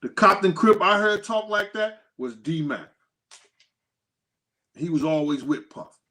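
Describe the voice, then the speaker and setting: A man hosting a casual livestream, telling stories with animated quoted dialogue and thanking viewers by name. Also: high-pitched, slow. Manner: animated storytelling, acts out quotes in a raised voice. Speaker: host.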